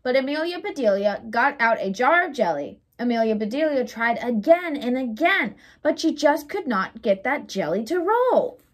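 A young woman reading a children's story aloud in an expressive, animated way. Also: high voice, normal speed, few pauses. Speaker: storybook reader.

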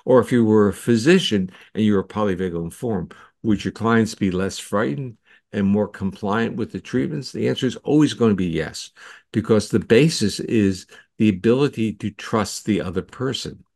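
A man, a scientist guest in an interview, explaining ideas in a steady lecturing manner with occasional restarts. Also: fairly low pitch, moderate pace, vocal fry, dry recording.

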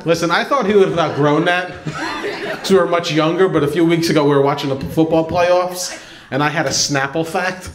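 Chatty stand-up comic with a crowd. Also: male voice, fairly high pitch, steady tone, fairly quick. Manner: conversational, lots of "like". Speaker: stand-up comedian. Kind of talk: stand-up routine. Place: comedy club stage. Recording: echoey club with a laughing crowd.

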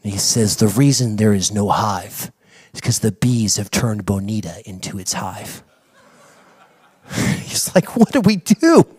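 A man preaching a sermon as a pastor, telling a story with acted-out dialogue and building to excited preaching. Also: fairly low pitch, measured pace, pauses often, slightly rough, no room sound. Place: church.

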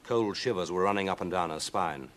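A man reading a children's story aloud in a lively, expressive way. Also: sits low, brisk.

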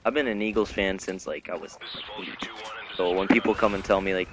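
Teen male gamer, low-pitched, relaxed commentary, game gunfire clear behind. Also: fairly quick. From Canada. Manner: laid-back, many ums and uhs. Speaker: gaming commentator. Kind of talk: casual gameplay commentary. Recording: gunfire noise from game audio.

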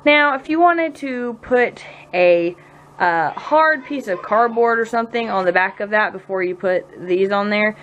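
A woman's voice: medium pitch, a little slow, lo-fi sound, a little hiss or hum. A woman in her thirties with a Southern US accent, chatting casually at home in a vlog and often laughing. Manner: laughing storyteller, animated impressions. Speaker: vlogger, mother. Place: home, indoors.

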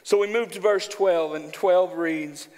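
A man from Arkansas preaching a sermon in a church, joking in a folksy, animated way. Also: high-pitched, measured pace. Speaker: pastor. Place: church sanctuary. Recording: church hall with long reverb.

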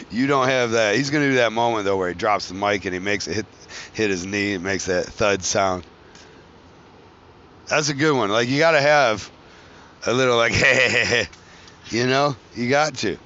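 This podcast host is a man whose voice sits on the low side and sounds a bit bright, moving at a moderate pace with long pauses. He rambles casually from one tangent to the next, joking and swearing freely, on a dull lo-fi recording with slight background noise.

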